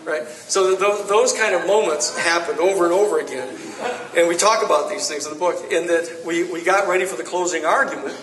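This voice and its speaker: A man's voice: high voice, a little fast. Male author, storytelling talk, recorded from a distance in a reverberant shop with faint room hum. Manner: animated anecdotes, acts out quoted lines. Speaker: author giving a book talk. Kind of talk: storytelling talk to a live audience. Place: bookstore event space. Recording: roomy echo from far off.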